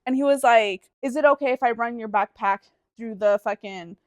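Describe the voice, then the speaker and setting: A woman's voice: a little high, moderate pace, no echo. A young woman co-hosting a podcast, telling a story in casual chat, acting out what everyone said and swearing freely. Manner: animated, acts out quotes, heavy swearing and "like". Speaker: podcast co-host.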